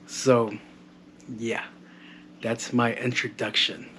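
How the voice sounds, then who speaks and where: A man in his thirties talks straight into the mic, telling his story in blunt, casual speech full of curses and quoted back-and-forth. His voice sits at an ordinary pitch, and a faint hiss of noise runs under the recording. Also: level tone, slow pace, a bit bright. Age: 30s. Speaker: podcast host. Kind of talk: casual monologue.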